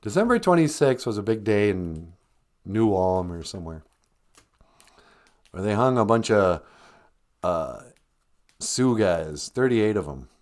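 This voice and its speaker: A man's voice: lowish voice, sing-song, unhurried, long pauses. A middle-aged man, hosting a casual livestream podcast, joking with viewers and slipping into silly voices. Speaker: podcast host.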